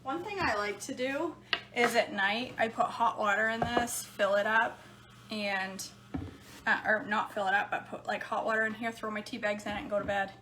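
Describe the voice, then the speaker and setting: With a noisy background behind her, a middle-aged woman speaks in a mid-range voice at a moderate pace as she makes drinks. She's a home cooking vlogger chatting casually in her kitchen, often laughing and addressing live viewers.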